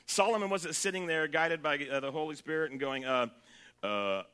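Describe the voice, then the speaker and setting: A man's voice: a little high, normal speed, smooth. A man preaching a sermon, joking and singing snatches of a song, then turning earnest. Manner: humorous, jokes and sings off-key snippets; shifts between loud and quiet, earnest. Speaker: pastor.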